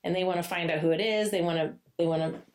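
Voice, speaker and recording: A woman co-hosting a podcast, chatting loosely about a book, with many fillers and laughs, and now and then she acts out the characters' lines in a playful high voice. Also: steady tone, fast talker, a little mellow. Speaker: podcast co-host. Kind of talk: casual book-discussion chat.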